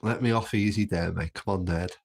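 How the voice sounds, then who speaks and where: A man's voice: deep voice, brisk, creaky. A man from Birkenhead with a Scouse accent, hosting a casual livestream and chatting through comments with easy laughs. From Birkenhead, England. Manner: chatty, laughs easily, frequent restarts. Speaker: livestream host. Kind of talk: casual live chat reading comments.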